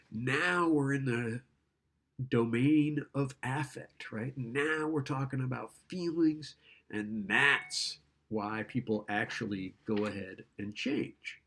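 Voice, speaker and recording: A man with a medium-pitched, fairly bright voice lectures slowly and conversationally. He keeps checking in by asking "right?" and acts out lines from both the client and the therapist.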